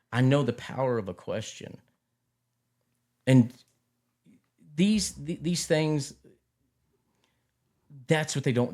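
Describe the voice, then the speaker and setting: A middle-aged man in casual chat, telling stories in an animated way and often repeating his words. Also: mid-range voice.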